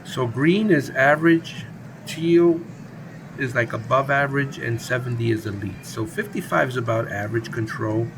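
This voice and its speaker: Gravelly man calling a simulated ballgame. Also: medium pitch, moderate pace, background noise. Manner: playful, jokey, chatty commentary. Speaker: gaming channel host. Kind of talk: casual play-by-play of a baseball simulation game.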